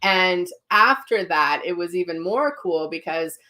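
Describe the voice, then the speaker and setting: A woman's voice: lowish voice, expressive, a little slow, bright, forceful tone. Middle-aged woman, live-stream host, chatty storyteller who reads comments aloud, webcam mic. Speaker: psychic medium hosting a live stream. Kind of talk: casual live-stream chat.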